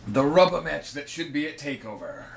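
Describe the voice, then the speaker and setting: A man's voice: on the high side, expressive, a little fast, gravelly, a little hiss or hum. A man co-hosting a wrestling podcast, recapping matches in casual, profane chat and laughing often. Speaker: podcast co-host.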